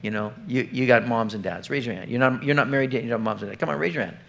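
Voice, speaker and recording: A man's voice: medium pitch, rapid-fire, gravelly, fairly bright tone, a little hiss or hum. A middle-aged man preaching an earnest, conversational sermon, often putting questions straight to the congregation. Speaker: pastor.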